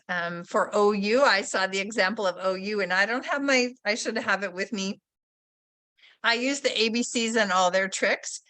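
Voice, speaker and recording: A woman's voice: medium pitch, sharp tone. A woman leading a teacher training session, explaining a spelling routine and modeling classroom questions. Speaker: literacy trainer. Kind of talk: professional development webinar.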